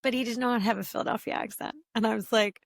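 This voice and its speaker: A woman from Delaware County, Pennsylvania, co-hosts a casual chat over drinks with quick, animated reactions and frequent laughs. Her voice is a little high and carries plenty of vocal fry. The recording is close and dry. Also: no echo. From Delaware County, Pennsylvania, USA. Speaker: podcast co-host.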